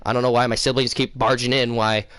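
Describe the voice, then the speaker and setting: A man's voice: mid-range voice, flat delivery, quick pace, fairly bright tone, clean tone, dry recording. A man hosting a casual vlog, retelling a dream in a rambling way full of fillers. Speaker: channel host.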